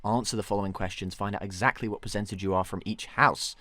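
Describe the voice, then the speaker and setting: Joking young man, low voice. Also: fairly even intonation, sharp tone, no room sound. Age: 20s. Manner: joking, quick banter with frequent restarts. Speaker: host. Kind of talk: casual chat about films.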